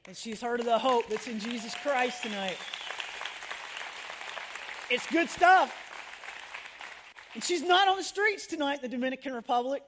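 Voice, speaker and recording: A middle-aged woman telling stories in a sermon to women, animated and laughing at herself, acting out the people she quotes. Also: sits high. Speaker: women's ministry speaker.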